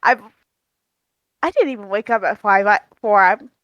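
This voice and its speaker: A woman's voice: mid-range voice, lively intonation, normal speed, no echo, lo-fi sound. A woman playing a tabletop game who talks hesitantly, often stumbling over her words. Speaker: player. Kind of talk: casual tabletop game chat.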